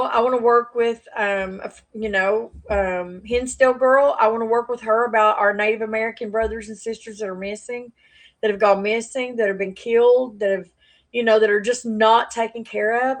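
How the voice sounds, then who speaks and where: Animated, slightly high-voiced woman streamer. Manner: animated, rambling with many fillers. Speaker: live streamer. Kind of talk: casual livestream chat to viewers. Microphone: plugged-in external mic on phone stream.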